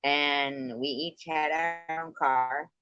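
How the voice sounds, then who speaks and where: A woman's voice: low voice, fairly even intonation, slow, bright, forceful tone, smooth, dry recording, soft background music. A woman drawls through a casual livestream story, swearing freely and breaking into laughter along the way. Her voice is dry and close, with no room around it, and it comes through a dull, slightly muffled stream mic. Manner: profane, laughing often while recounting stories. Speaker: livestream host. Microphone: computer mic on a streaming call.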